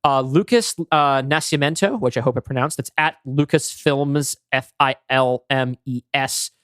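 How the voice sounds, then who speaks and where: A man's voice: medium pitch, normal speed, fairly bright tone, clean tone, no echo, studio quality. A young man co-hosting a podcast, reading listener mail in a casual, chatty way. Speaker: podcast co-host.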